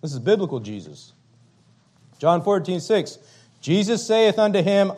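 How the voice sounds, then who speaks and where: A pastor preaching a fiery sermon, emphatic and repetitive, swinging between loud declarations and quiet, low passages. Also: male voice, very animated, a little slow, pauses often.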